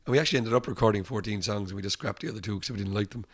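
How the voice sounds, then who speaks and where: A man's voice: on the low side, rapid-fire. An Irish musician in an interview, telling anecdotes casually and acting out the voices of people in his stories. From Ireland. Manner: animated anecdotes, acts out quoted voices, laughs often. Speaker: musician guest.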